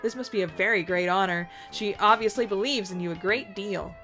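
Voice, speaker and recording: A woman's voice: mid-range voice, a little fast, a bit bright. Young woman, game reader and commentator, chatty, giggly, faint music behind. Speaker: let's play host. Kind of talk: reading and commenting on a visual novel game.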